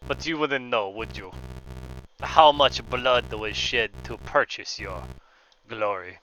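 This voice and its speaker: A man's voice: medium pitch, animated, slow, sharp tone, faint music behind, exaggerated voice, low-quality recording. A man reading as a cruel flamethrower villain. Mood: menacing. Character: cruel male flamethrower villain, boastful and menacing. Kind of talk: reading game dialogue aloud.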